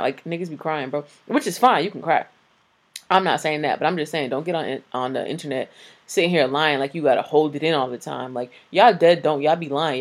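Young woman ranting on her podcast, cussing a lot, blunt and worn out. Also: low voice. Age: 20s. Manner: blunt, profane, animated ranting. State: tired. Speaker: podcast host. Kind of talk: casual solo podcast rant.

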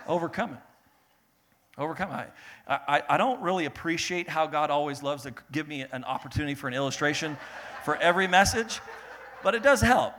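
A young man preaching a sermon, animated and laughing, rising to loud peaks and dropping to a soft, earnest tone. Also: a little high, a little fast. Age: young adult. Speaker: pastor.

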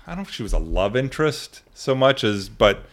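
A man's voice: lowish voice, very animated, fairly quick, a bit bright. A man hosting a podcast, chatting casually, joking and laughing often, with frequent restarts. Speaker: podcast host. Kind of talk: casual chat.

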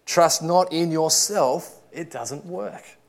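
A man preaching a sermon, earnest, swinging from loud urging to soft, quiet asides. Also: fairly high pitch, slow, gravelly.

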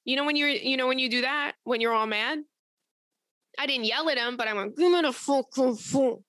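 A young woman hosting an advice show, talking in a blunt, profane, animated way as she tells stories and reads listener letters. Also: high-pitched, fairly quick, dry recording, clean studio sound. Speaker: advice podcast host. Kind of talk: casual advice chat.

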